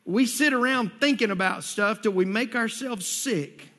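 High-voiced man preaching in a reverberant hall. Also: moderate pace, a bit bright. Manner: earnest storytelling, rising emphatic near the end. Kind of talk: sermon.

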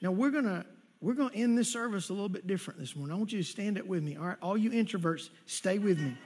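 A man's voice: sits high, expressive, fast talker, darkish tone, breathy edge. A male pastor giving a conversational sermon to his congregation, often repeating words as he goes. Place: church sanctuary.

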